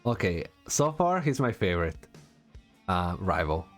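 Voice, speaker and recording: Male streamer, playful, casual game commentary, lowish voice, faint music underneath. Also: very animated, a little slow. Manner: playful, reacts and laughs while reading game text aloud. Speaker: VTuber streamer.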